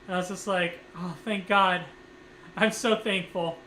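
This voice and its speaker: High, bright-voiced man rambling casually. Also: steady tone, measured pace, slight background noise, rough recording. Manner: rambling, full of "like" fillers and swearing. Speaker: streamer. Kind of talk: casual storytelling to camera.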